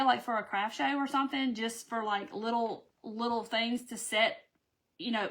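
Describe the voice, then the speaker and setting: A woman's voice: on the high side, a bit bright. Chatty woman crafting live. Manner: chatty, folksy, says "y'all", reads out viewer comments. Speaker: craft live-stream host. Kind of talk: casual chat to live viewers.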